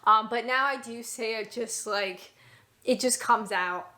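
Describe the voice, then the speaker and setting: A woman's voice: fairly high pitch, a little slow, sharp tone. A young adult woman from Canada with a Canadian accent, chatting casually and laughing as she explains words. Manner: chatty, laughing, acting out example phrases. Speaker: video creator explaining British words.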